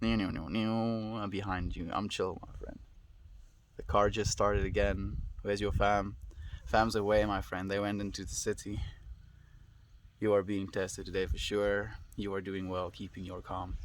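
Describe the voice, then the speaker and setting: A young man chatting calmly on his live stream, reassuring viewers and often calling them "my friend". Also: lowish voice, normal speed. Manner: calm, reassuring, says "my friend" a lot. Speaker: livestreamer. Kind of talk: casual live stream chat reading viewer comments. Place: at home.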